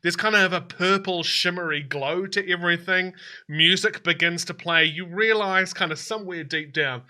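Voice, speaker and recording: A man's voice: high voice, moderate pace, pushed and bright. A man narrating as dungeon master in a tabletop game, rambling and hesitant, often laughing through his descriptions.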